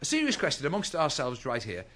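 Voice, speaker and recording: A man's voice: on the high side, wildly swooping pitch, fast talker, sharp tone. A middle-aged man with a Liverpool accent doing a live stand-up routine, chatty and teasing as he spins jokes for the audience. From Liverpool, England. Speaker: stand-up comedian. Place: stage before a live audience.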